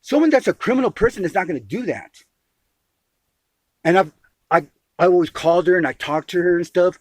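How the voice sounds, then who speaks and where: This caller has a high, animated voice and speaks a little fast, with no room sound. Agitated, he lays out a long grievance emphatically, starting phrases over, repeating words, and calling the person on the line sweetie.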